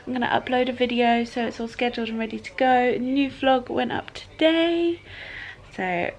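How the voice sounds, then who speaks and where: A woman's voice: fairly high pitch, moderate pace. A woman in her thirties from the UK, chatting casually to camera in a vlog from her couch at home, giggling as she goes. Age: 30s. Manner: chatty, giggly, often laughing. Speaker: vlogger.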